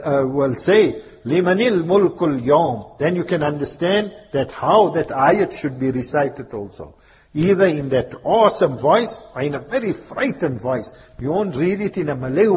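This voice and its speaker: A man giving a slow, emphatic religious talk in English, mixing in Urdu verse and Arabic terms. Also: on the high side. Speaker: Islamic preacher. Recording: dull reverberant hall recording with faint hiss.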